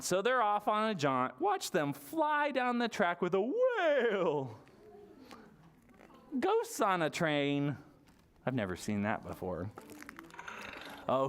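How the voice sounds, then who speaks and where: A storytime leader reads a Halloween picture book aloud to a room of toddlers. The voice swoops up and down with lively expression, full of playful gasps and sound effects. It is sing-song and encouraging, always pitched at small children. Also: clean tone. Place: public library storytime session.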